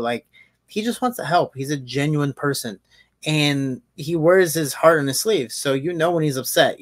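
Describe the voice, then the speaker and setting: Man, fairly high voice, casual podcast chat, animated storytelling, cusses a lot. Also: dry recording. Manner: animated storyteller, swears freely, many restarts. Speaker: MMA fighter and podcast host.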